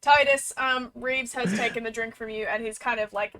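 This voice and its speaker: A woman's voice: fairly high pitch, steady tone, normal speed, sharp tone. A woman narrating as game master of a tabletop role-playing game, in a casual way with many fillers.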